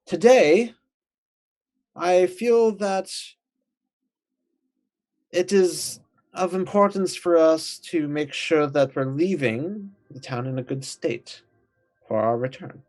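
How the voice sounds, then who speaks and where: A man's voice: on the high side, slow pace, pauses often, darkish tone, pitched above the performer's own voice. A man voicing a strange druid who speaks in a stilted, ceremonious way in a tabletop game. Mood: solemn.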